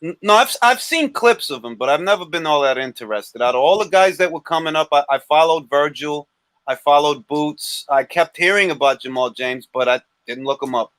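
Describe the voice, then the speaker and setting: A man hosting a livestream, talking boxing in an animated, joking and blunt way. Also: fairly high pitch, normal speed, no room sound. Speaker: livestream host. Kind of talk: casual boxing chat.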